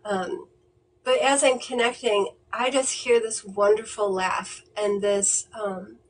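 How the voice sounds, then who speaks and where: A woman giving a mediumship reading on a livestream, speaking gently and reassuringly, with many fillers and restarts. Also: medium pitch, fairly even intonation, slow. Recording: distant mic with faint noise.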